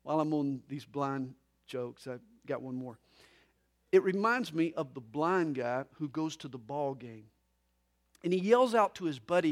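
Pastor, man in his fifties, higher voice than most men, folksy Bible study preacher who drops in jokes. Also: lively intonation, moderate pace. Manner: mixes jokes into earnest preaching.

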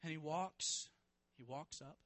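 A man preaching a sermon, retelling a story vividly and swinging from hushed to loud, emphatic passages. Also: on the high side, slow pace, dry recording, poor audio. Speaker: pastor.

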